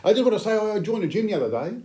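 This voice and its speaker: A man's voice: high voice, sing-song, racing, warm tone, roomy sound, a little hiss or hum. A man hosting a podcast, rambling casually with many hesitations. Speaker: podcast host. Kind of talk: casual chat.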